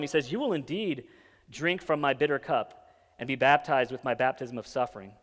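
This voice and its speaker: A man's voice: mid-range voice, fairly bright tone, long reverb tail. A man preaching a sermon in a casual, conversational way, often checking in with his listeners and briefly acting out the lines of the people in the story. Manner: conversational, keeps checking in with "right?" and "okay?"; acts out the disciples' lines in quick asides. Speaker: pastor. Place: church hall.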